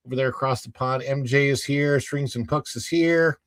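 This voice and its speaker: A man's voice: medium pitch, fairly even intonation, normal speed, no room sound. A man in his forties hosting a live podcast, chatting casually and playfully with his viewers and laughing often. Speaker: livestream podcast host.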